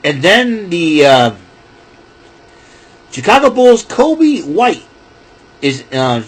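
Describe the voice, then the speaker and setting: A man casually rambling through a wrestling show recap, excitable and correcting himself as he goes. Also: medium pitch, husky, poor audio. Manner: excitable, self-correcting, chatty asides.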